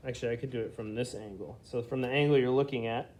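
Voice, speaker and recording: A man with a mid-range, slightly mellow voice and fairly even intonation teaches a beginner flute lesson. Patient and slow, he walks through hand positions step by step, checking in often with "okay?".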